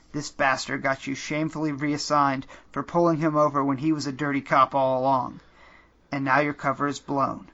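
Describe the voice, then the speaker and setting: A man narrates a comedic choose-your-own-adventure game as podcast host, keeping a dry, deadpan delivery that now and then breaks into laughs. His voice has a bright edge. The recording is slightly muffled and lo-fi. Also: fairly high pitch.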